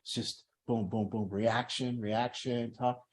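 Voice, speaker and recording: A man's voice: medium pitch, fairly even intonation, takes it slowly. A man talking earnestly to a recovery group, acting out people's inner voices as he explains. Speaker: group facilitator. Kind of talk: motivational group talk.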